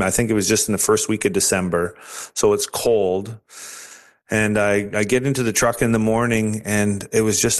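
A man with a lowish voice tells a personal faith story as an interview guest. He speaks earnestly and often restarts his phrases as he recalls what happened.

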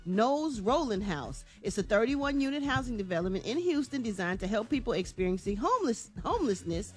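Lady doing the celeb news on morning radio, kinda high voice, real chatty. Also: very animated, brisk. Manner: chatty, casual, uses "y'all". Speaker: radio entertainment news host. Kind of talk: morning radio show segment.

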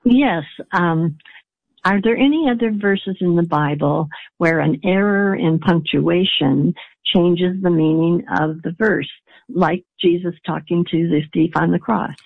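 A woman's voice: on the low side, unhurried, creaky, breathy edge, dry recording. A woman caller asking a question on a radio call-in show, a little hesitant, heard over the phone. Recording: phone line.

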